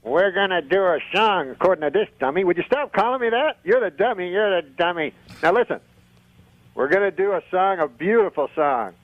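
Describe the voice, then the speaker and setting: A cheeky wooden dummy with a high, bouncy voice snaps insults at everyone, as a man puts him on. The sound is dull and lo-fi, like it comes over a phone line. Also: lively intonation, fairly quick, dry recording. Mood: bossy. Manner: sassy, insulting.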